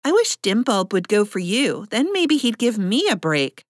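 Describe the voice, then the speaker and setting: A woman's voice: medium pitch, very animated, moderate pace, no echo, clean studio sound, close to an everyday voice. A woman voicing a flippant, teasing young woman friend with a chirpy manner.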